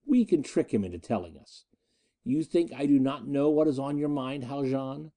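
A calm and menacing pirate chief, as a male narrator puts him on, his lines coming in a measured, matter-of-fact tone. The voice is dark and mellow, yet it rises and falls freely through each threat. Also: mid-range voice, natural voice. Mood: cold, menacing. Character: cunning ruthless male space-pirate leader, calm and menacing.

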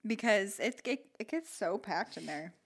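A woman's voice: mid-range voice, expressive, moderate pace, breathy edge. A woman co-hosting a podcast, chiming in with short, eager reactions in casual chat. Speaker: podcast co-host.

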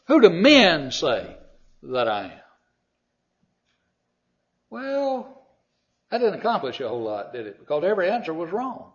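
A man preaching a sermon, emphatic, swinging from loud declarations to quiet asides. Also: fairly high pitch, very animated, moderate pace, pauses often, slightly rough. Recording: dull lo-fi sound.

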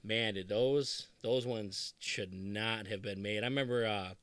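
A man in his thirties co-hosting a casual podcast chat, animated and laughing often, quoting movie lines in put-on voices. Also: lowish voice, unhurried, clean tone, no echo. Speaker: podcast co-host.

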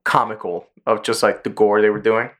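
A man's voice: on the low side, level tone, fairly quick, a bit bright. A man hosting a podcast in casual chat, loosely retelling a show's plot with plenty of swearing. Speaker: podcast host.

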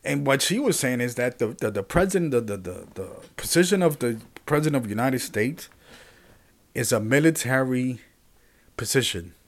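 A man hosting a podcast alone, holding forth in a loose, rambling monologue. He talks animatedly, keeps restarting his sentences and turns to address his listeners directly. His voice sits at an ordinary middle pitch for a man. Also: expressive, moderate pace. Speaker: podcast host.

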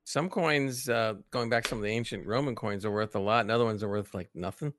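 A man's voice: fairly low pitch, fast talker, a bit bright, slight background noise. An American man co-hosting a casual chat, talking in an easygoing, laid-back way. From United States. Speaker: podcast co-host.

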